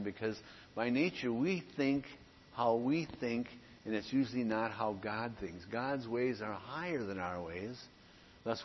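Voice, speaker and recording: A male pastor preaches in an earnest, conversational way, stopping often between phrases. The sound is dull and muffled. A long hall reverb trails behind every word, with a faint hiss underneath. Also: mid-range voice. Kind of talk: sermon.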